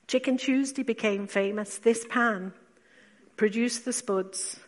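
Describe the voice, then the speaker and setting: A woman preacher giving a sermon, speaking slowly and with emphasis, asking rhetorical questions and dropping to quiet asides. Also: fairly high pitch. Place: church. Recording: long church reverb.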